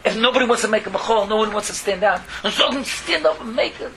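Bright, rapid-fire man, animated religious storyteller. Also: high-pitched, a little hiss or hum. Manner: animated, repeating phrases, mixing languages. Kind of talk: storytelling Torah talk.

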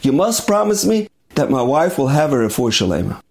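Man doing a frantic young husband, pleading and insistent, pitched up. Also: big pitch swings, a little fast, vocal fry.

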